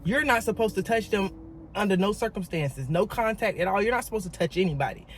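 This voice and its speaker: A woman telling a story in a casual vlog, emphatic and animated, talking straight to her viewers and repeating words for emphasis. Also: mid-range voice, fast talker, a little hiss or hum. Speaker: vlogger.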